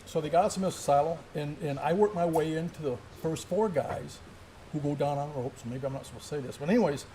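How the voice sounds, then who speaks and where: Animated middle-aged man telling army stories. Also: on the high side, fast talker, slight background noise. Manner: animated, vivid play-by-play storytelling. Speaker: military veteran telling war stories. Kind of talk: live interview storytelling. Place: indoor gun shop event space.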